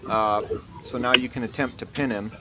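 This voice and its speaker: A man narrating as dungeon master, explaining rules in a relaxed, rambling way with many fillers. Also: medium pitch, moderate pace. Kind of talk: narrating a tabletop game. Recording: loud background noise.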